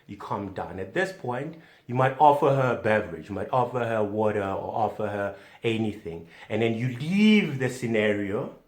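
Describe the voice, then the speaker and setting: A man delivering a mock instructional comedy monologue as a self-styled doctor, theatrical and swinging between loud emphasis and hushed whispers. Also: fairly low pitch, animated, normal speed, few pauses. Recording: echoey room.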